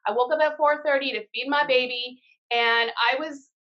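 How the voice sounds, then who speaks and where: A woman's voice: high voice, steady tone, moderate pace. A woman in her thirties, a guest on a casual live-stream interview, telling her story candidly and swearing often. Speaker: guest, card-deck founder. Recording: dull lo-fi live-stream audio.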